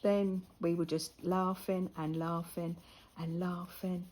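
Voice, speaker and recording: A woman's voice: on the low side, a little slow, long pauses, slight background noise, rough recording. An older woman, chatting casually and telling a story while she colours, acting out the lines of the people in it. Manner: chatty storytelling with lively retold quotes. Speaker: vlogger.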